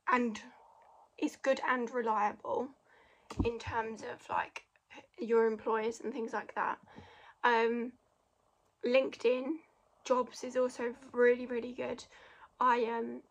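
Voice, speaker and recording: A woman's voice: a little high, creaky. A young woman, a degree apprentice, chatting through a casual Q&A vlog and filling her talk with "like" and "literally"; she says she is losing her voice. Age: young adult. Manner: chatty, heavy filler words like "like" and "literally".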